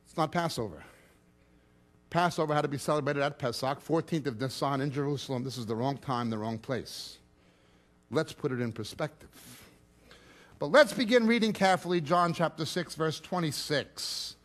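A man's voice: a little high, normal speed, fairly bright tone. A man giving an expository Bible teaching, reading scripture aloud and explaining it with emphatic stress that rises and drops sharply.

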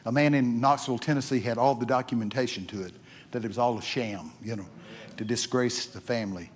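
A man preaching to a congregation, spinning folksy stories in his middle-pitched voice. He repeats himself as he goes and keeps climbing into loud, excited exclamations. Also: brisk. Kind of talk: sermon with storytelling. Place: church.

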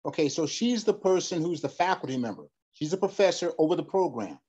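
A man's voice: a little high, animated, fairly quick, warm tone, breathy edge, lo-fi sound. A man answering a coach's questions briefly and agreeably over a remote call. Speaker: caller seeking coaching.

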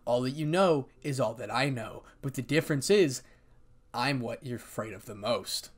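A man reading a fan story aloud and voicing the ruthless, bloodthirsty dark side of a young man who talks in a mocking, taunting way. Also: mid-range voice, normal speed, natural voice. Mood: menacing.

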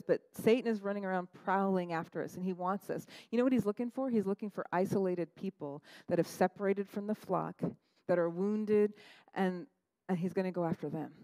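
A woman pastor preaching a sermon, animated, laughing at her own asides and acting out quotes in a higher voice. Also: dry recording, low-quality recording.

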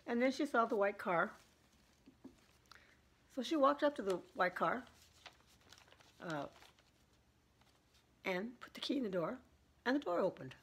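A woman in her seventies with a husky voice, chatting and laughing as she tells stories to her vlog viewers. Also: fairly high pitch, expressive, measured pace, long pauses, a little hiss or hum. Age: 70s. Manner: chatty, laughs often while telling. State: throat trouble. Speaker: vlogger. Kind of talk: casual storytelling chat.

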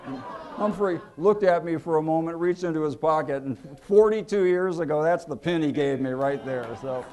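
A man in his fifties, an author telling anecdotes to an audience at a museum event, acting out quotes with lively pitch and volume. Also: moderate pace, a little hiss or hum. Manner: animated, acts out quotes with lively shifts in pitch and loudness. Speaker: author giving a book talk.

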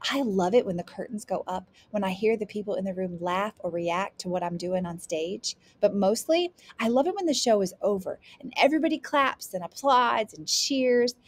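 A woman's voice: medium pitch, lively intonation, moderate pace, few pauses, natural voice. A woman reading aloud voices a hopeful teenage boy who dreams of being an actor and pleads eagerly. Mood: dreamy.

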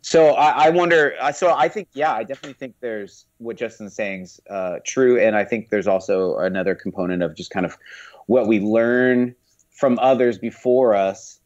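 A man on a podcast as a guest, telling animated stories in casual conversation, with many restarts. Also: medium pitch, moderate pace, highs cut off.

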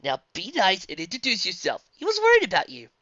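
A woman's voice: mid-range voice, fast, no echo, lo-fi sound, voice pushed up. A woman doing a breezy laid-back pony mare. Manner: breezy, teasing, relaxed.

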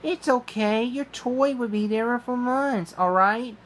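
A man voicing a sweet, cheerful young girl in a homemade storybook reading, with a high, bubbly, coaxing voice. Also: slow pace, fairly bright tone, slight background noise, heavily acted. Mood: cheery.

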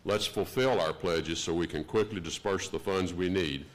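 A man in his sixties with a Texan accent giving a formal prepared speech at a conference, measured and deliberate. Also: low voice. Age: 60s. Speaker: diplomat giving an opening address. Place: conference hall.

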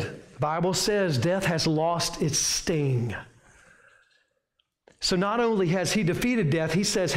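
A man with a Southern American accent preaching a sermon from the pulpit, in a folksy way that builds up emphatic repeated lines. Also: high-pitched. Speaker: pastor. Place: church sanctuary. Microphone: room microphone. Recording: echoey church room.

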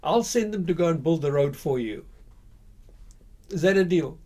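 A laughing, generous king who makes big offers with a teasing ease, as a man puts him on. His voice is warm and mellow, sitting a touch high for a man. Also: lively intonation, moderate pace.

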